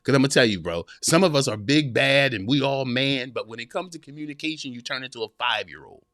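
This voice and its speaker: A man's voice: medium pitch, animated, quick pace, fairly bright tone, no room sound, studio quality. A man in his thirties hosting a podcast livestream, giving earnest, preachy advice to men and repeating his points. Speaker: podcast host. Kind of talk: livestream motivational talk.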